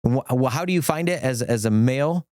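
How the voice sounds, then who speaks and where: A middle-aged man talks as a guest on a podcast, with an animated, eager delivery that jumps between ideas and restarts his sentences. His voice sits at an ordinary male pitch. The sound is close and dry, with no room echo. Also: fairly quick. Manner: animated, enthusiastic, rambling with restarts. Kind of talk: casual podcast conversation.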